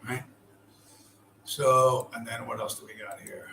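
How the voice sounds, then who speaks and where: A man's voice: mid-range voice, steady tone, unhurried, bright, forceful tone, a little hiss or hum. A man giving blunt, sarcastic, heavily profane commentary on a video he is sharing. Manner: blunt, heavy swearing, sarcastic. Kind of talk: profane commentary over a screen-shared video. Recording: echoey room with faint ambience.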